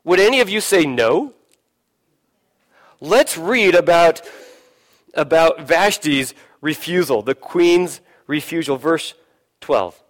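A man preaching a sermon, putting questions to his listeners and briefly acting out voices from the story. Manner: lively preaching, asks the listeners questions, acts out voices, drops low for emphasis. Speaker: pastor.

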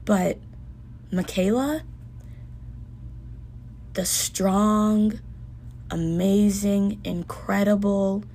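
Young woman, podcast host, earnest, emotional, middle pitch, faint background noise. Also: extremely slow, long pauses. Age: young adult. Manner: earnest, heartfelt self-talk with soft dips. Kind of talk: personal podcast monologue.

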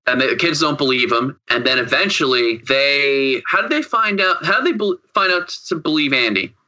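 Bright-voiced man rambling through a recap. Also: mid-range voice, poor audio. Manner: rambling, filler-heavy and profane. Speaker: podcast co-host. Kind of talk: casual movie recap chat.

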